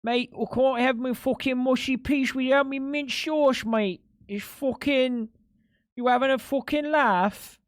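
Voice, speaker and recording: Man putting on a rowdy British bloke, working-class accent, higher voice, sweary and indignant. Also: fairly even intonation, unhurried, no room sound, clean studio sound. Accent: put-on working-class British.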